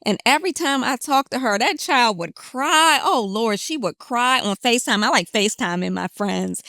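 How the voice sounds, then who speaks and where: A woman guest telling her story candidly in an interview, emphatic and animated when she quotes herself. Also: fairly high pitch, moderate pace, no echo, clean studio sound.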